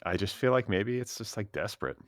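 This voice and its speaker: A man's voice: fairly low pitch, lively intonation, a little fast, no echo. A man hosting a podcast, chatting casually in a laid-back, hesitant, wry way. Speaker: podcast host. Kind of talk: casual chat.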